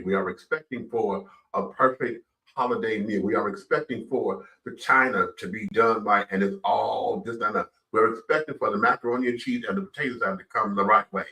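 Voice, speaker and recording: A man's voice: fairly low pitch, normal speed, sharp tone, reverberant, distant mic, low-quality recording. A man hosting a casual radio talk show, speaking emphatically and repeating himself. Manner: emphatic, repetitive, says "child" often.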